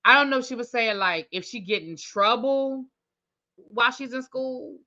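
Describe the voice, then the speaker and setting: Chatty woman reviewer, bright lo-fi voice. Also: a little high, normal speed. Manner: chatty, thinks aloud, talks to viewers. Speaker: TV review host. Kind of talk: casual recap chat.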